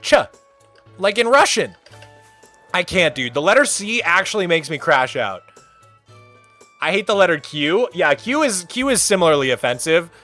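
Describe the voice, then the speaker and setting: A young man with a high voice rants in mock outrage on a casual live stream, his pitch bouncing all over. His tone is bright and forceful, he's animated and quick to exaggerate, and faint music plays beneath him.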